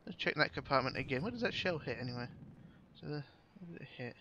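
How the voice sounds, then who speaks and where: Gravelly man commentating gameplay. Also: fairly high pitch, lively intonation, quick pace, sharp tone, lo-fi sound, a little hiss or hum. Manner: chatty, swears casually, thinks aloud.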